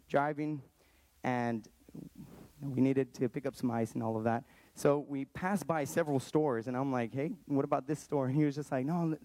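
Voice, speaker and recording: An earnest man in his thirties near Austin, Texas, shares a personal story haltingly, circling back to begin thoughts again. His voice is warm, mellow and mid-range, and the recording is dry and close, free of any room sound.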